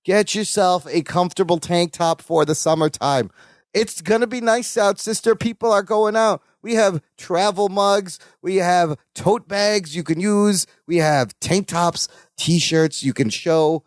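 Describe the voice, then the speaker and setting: A man co-hosting a podcast, chatting casually and acting out lines from a sitcom with lively swings in his voice. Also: measured pace, no echo, studio quality. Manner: animated, acts out character lines with big pitch swings. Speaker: podcast co-host. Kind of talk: casual chat recapping a sitcom episode.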